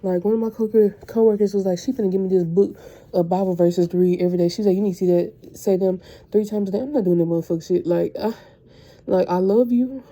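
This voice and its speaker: A woman's voice: mid-range voice, dark tone. A young woman, a teacher and coach, venting bluntly and profanely about her school year in a casual vlog.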